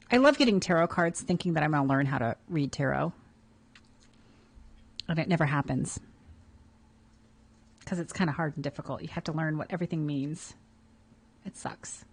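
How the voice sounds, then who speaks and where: A woman's voice: deep voice, animated, normal speed, long pauses, breathy edge. A woman co-hosting a radio show in a studio, chatting casually and laughing easily. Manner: easygoing, laughs often. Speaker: radio co-host.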